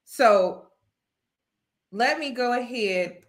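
A woman's voice: a little high, expressive, very slow. A woman hosting a casual interview show, talking directly and chattily to her guest. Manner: direct, chatty, calls guest girl and sis. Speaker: host.

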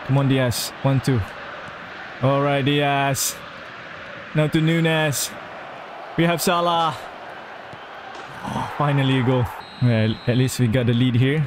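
A man's voice: medium pitch, noisy background. A young man giving gameplay commentary, talking himself through moves and groaning or cheering at each play. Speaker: gamer.

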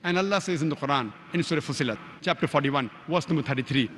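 Man, high-pitched lecturer, emphatic, quotes verses by chapter and number, rapid Arabic recitation, long hall reverb. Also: a bit bright, slight background noise. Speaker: Islamic preacher. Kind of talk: religious lecture.

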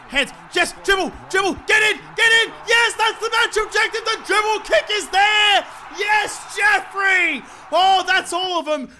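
High, bright gamer swearing at teammates. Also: male voice. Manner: frustrated, profane, yelling at teammates. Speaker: gaming commentator. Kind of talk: swearing live gameplay commentary.

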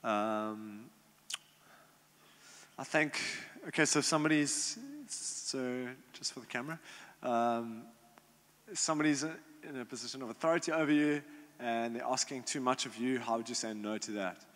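A man's voice: medium pitch, normal speed, fairly bright tone. A young adult man in a youth group, answering questions in a casual, informal way with lots of fillers and restarts. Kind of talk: casual Q&A talk. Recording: long hall reverb.

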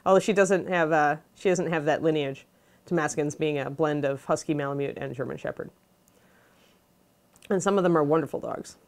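A woman's voice: deep voice, fairly even intonation, moderate pace. A woman casually hosting a livestream, chatting and greeting viewers by name. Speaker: host of a miniature painting livestream.

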